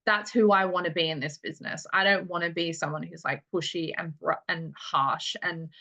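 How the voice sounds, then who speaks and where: A woman leading a casual team meeting, talking quickly in a chatty way with lots of filler words. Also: fairly low pitch, steady tone, bright, forceful tone, poor audio. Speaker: network marketing team leader.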